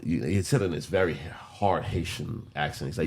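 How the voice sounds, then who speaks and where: A very deep-voiced man in his forties chatting on a podcast. He talks candidly and loosely, rambling through his thoughts with street slang and occasional swearing. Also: moderate pace, few pauses. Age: 40s. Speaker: podcast co-host. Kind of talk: casual chat.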